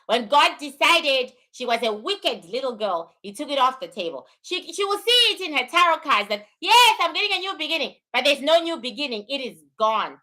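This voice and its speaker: A middle-aged woman with a very high, bright, sharp-edged voice rants to her livestream viewers without a script. She scolds in a fiery, profane way while giving her spiritual readings. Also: very animated, moderate pace, few pauses, rough recording. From lives in Canada. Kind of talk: unscripted livestream rant.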